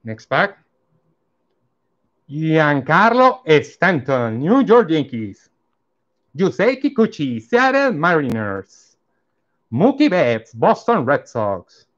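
Slow man reading out baseball cards. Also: on the high side, wildly swooping pitch, a bit bright, lo-fi sound. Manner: slow, reads out each card name and team. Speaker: card collector opening packs. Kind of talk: casual card-opening commentary.

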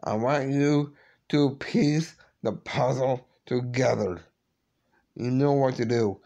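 Man, tearful, slow delivery, halting, repeats words, subdued vlog talk. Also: medium pitch, warm tone, muffled recording. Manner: apologetic, subdued. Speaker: vlogger. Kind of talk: emotional personal vlog.

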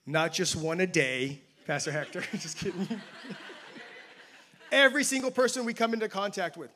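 A man's voice: high voice, normal speed, pushed and bright. A man preaching a sermon as pastor, telling a personal story with self-deprecating humor. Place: church campus service.

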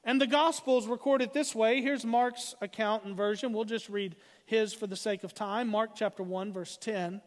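A man preaches from the pulpit in a high, ringing voice. He leans hard into his points and slows down to read the scripture. The sound carries the long reverb of a church sanctuary. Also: fairly even intonation. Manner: emphatic preaching, slowing for scripture readings. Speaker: pastor. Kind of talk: sermon.

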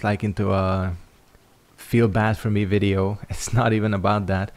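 A man's voice: lowish voice, little pitch movement, moderate pace. A young man casually talking over his gameplay, rambling and reflective with lots of fillers. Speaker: YouTuber.

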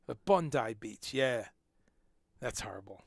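Rambling gravelly-voiced man. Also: mid-range voice, animated, measured pace, no echo, studio quality. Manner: rambling, repeats words, swears. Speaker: livestream host. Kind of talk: casual livestream commentary.

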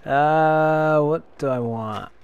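A young man giving casual let's-play commentary, self-deprecating, with loud frustrated outbursts. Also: fairly high pitch, very slow, smooth, lo-fi sound. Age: young adult. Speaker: gameplay commentator.

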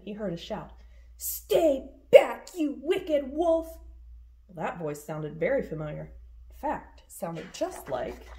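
A woman hosting a virtual storytime, reading a children's picture book aloud with expressive, animated narration. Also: medium pitch. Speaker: storytime reader.

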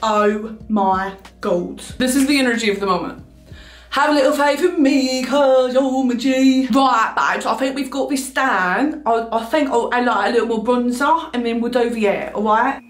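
Woman doing an Essex girl, Essex accent, gushing and chatty, young, fairly high voice, echoey room. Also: normal speed, a bit bright, close to an everyday voice. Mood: bubbly. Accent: put-on Essex English. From Texas. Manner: chatty, gushing, calls everyone babes. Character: vain, bubbly young Essex girl doing her makeup. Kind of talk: comedic makeup tutorial parody. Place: indoors at home. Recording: roomy echo, faint music.

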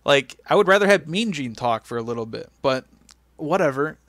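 A man co-hosting a casual podcast, recapping matches in a lively way and acting out quotes. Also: fairly high pitch, normal speed, no echo. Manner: animated recapping, acts out quotes. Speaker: podcast co-host. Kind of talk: casual chat.

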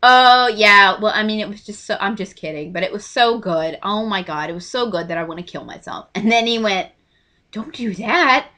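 A young woman from Texas telling an excited story to her camera, gushing and acting out everyone's lines. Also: medium pitch, brisk, hardly any pauses. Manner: gushing, breathless, acts out quoted voices. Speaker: vlogger.

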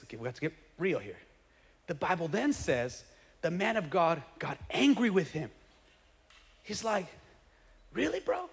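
A male pastor preaching a sermon, animated, rising to shouts at the peaks. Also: high-pitched. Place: church sanctuary. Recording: reverberant church hall.

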